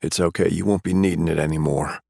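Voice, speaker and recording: A man's voice: low-pitched, fairly even intonation, fast, vocal fry, a little mellow, breathy edge, no room sound, exaggerated voice. A man voicing a tough police officer who gives curt, dry commands. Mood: stern. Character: tough male police officer, calm and blunt.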